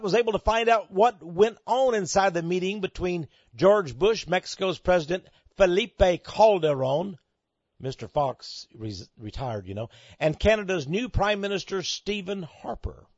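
Texan male radio host, high and animated, emphatic and sarcastic, dull lo-fi broadcast sound. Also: a little slow, no echo. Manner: emphatic, sarcastic, dramatic delivery. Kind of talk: radio talk monologue.

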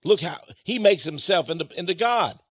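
A man's voice: high-pitched, expressive, moderate pace, a bit bright, breathy edge, no room sound. A man preaching a sermon, reading scripture aloud and explaining it. He speaks emphatically, fires rhetorical questions at his listeners and chuckles between points.

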